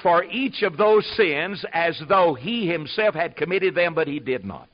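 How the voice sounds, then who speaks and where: A man preaching a sermon with a somewhat high voice. His delivery is folksy and drops to asides, then climbs to loud, emphatic preaching. The recording is dull and muffled, like an old tape. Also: lively intonation, unhurried.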